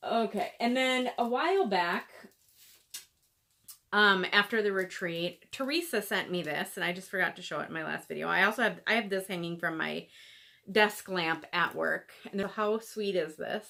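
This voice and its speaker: A woman hosting a cross-stitch video, chatting casually and gushing over gifts, with lots of fillers and soft asides. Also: mid-range voice, moderate pace, gravelly. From American Midwest. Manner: gushing, chatty, many fillers, drops to near-whispers. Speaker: Flosstube host showing gifts. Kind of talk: casual chat to camera.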